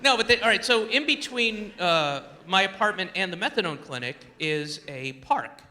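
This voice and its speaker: A male stand-up comic with a very bright, sharp voice that leaps around in lively swings of pitch. He talks in incredulous, rambling asides into a handheld mic on stage, with faint ambience behind him. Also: normal speed, slight background noise. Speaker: stand-up comedian. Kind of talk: stand-up comedy. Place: comedy stage before a live audience.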